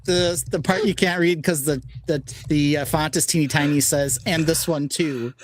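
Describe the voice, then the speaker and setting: A man's voice: on the high side, steady tone, moderate pace, no room sound. A man on a podcast livestream, joking and teasing in casual banter.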